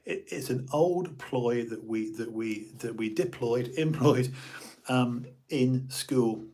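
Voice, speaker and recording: A middle-aged man with a British accent, talking off the cuff on a live stream. His voice is a touch husky and sits at an ordinary middle pitch. He rambles, jokes and restarts his sentences often, animated and chatty throughout. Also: slow. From United Kingdom. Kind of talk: casual rambling monologue.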